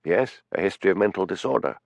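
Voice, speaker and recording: A man playing a calm Highland village policeman. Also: fast talker, gravelly, no room sound. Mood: inquiring.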